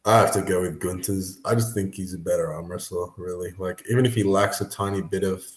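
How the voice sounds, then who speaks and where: A young man, an arm wrestler, chatting casually and laughing often between halting sentences. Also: deep voice, steady tone. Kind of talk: casual podcast chat. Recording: roomy echo.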